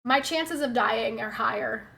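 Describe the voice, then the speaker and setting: Young jersey-ish woman streamer, bright and a bit high, sarcastic and blunt. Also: unhurried. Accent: New Jersey. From United States. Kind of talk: casual chat reading viewer messages.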